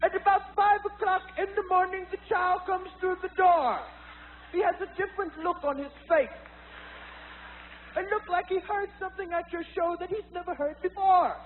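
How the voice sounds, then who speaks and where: A man doing an impression of a fussy, preachy older male comedian who lectures slowly. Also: very high voice, steady tone. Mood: prim scolding. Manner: slow, drawn-out, scolding lecture. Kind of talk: stand-up impression. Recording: tinny lo-fi film audio with faint hiss.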